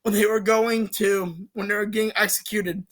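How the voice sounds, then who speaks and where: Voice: mid-range voice, steady tone, moderate pace, a bit bright. A casual movie reviewer rambling about a film series, with lots of fillers, restarts and casual swearing.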